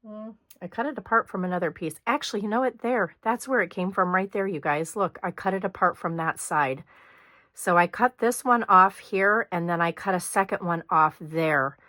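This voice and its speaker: A middle-aged woman hosting a hands-on scrapbooking tutorial, chatting casually as she works and clearing a slightly hoarse throat now and then. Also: lowish voice, normal speed, bright, forceful tone, dry recording. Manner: chatty, talks while working, frequent throat clearing. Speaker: scrapbooking host.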